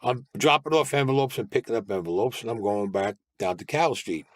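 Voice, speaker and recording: A man's voice: medium pitch, lively intonation, fairly quick, no room sound, studio quality. A man telling his own story as a podcast guest, in a blunt, streetwise way and mostly in the present tense. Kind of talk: storytelling interview.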